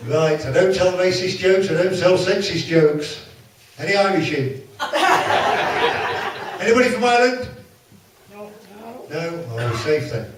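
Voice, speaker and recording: Man, hotel joke-teller, higher voice, booming room from afar, audience laughing behind. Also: lively intonation, measured pace, pauses often. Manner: teasing, chatty, works the audience. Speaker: hotel entertainer telling jokes. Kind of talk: live stand-up joke telling to a crowd. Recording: echoey hall from far off with crowd laughter.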